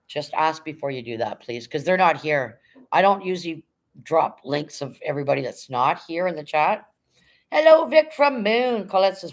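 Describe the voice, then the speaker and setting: A middle-aged woman hosting a casual livestream, with a fairly low voice. She reads viewer comments aloud and greets people one by one in a chatty, unhurried way. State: emotional, near tears when talking about her late dog. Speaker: livestream host reading chat.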